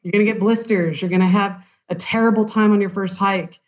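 A woman's voice: medium pitch, fairly even intonation, brisk. A woman guest on a podcast, speaking in an earnest, encouraging way with lots of casual fillers. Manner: earnest, encouraging, uses many "like"s. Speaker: podcast guest, cyclist and hiker. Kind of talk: casual interview chat.

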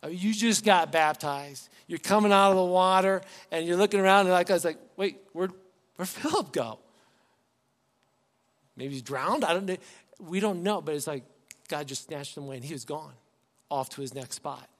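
A fairly high-voiced man preaching to his congregation in an easy, conversational manner. He keeps throwing rhetorical questions at the room. His voice rings with the long reverb of a church hall. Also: fairly quick, a bit bright. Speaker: pastor. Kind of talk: sermon. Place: church sanctuary.

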